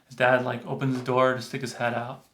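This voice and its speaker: A man casually telling a story in a relaxed, conversational way. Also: medium pitch, a little fast. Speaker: storyteller, energy-work reader. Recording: roomy echo.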